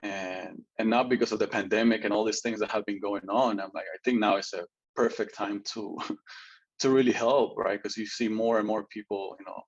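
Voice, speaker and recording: A man's voice: lowish voice, steady tone, normal speed, breathy edge, muffled recording. A man telling his personal story as an interview guest, earnest and chatty, often adding "right?" and laughing a little.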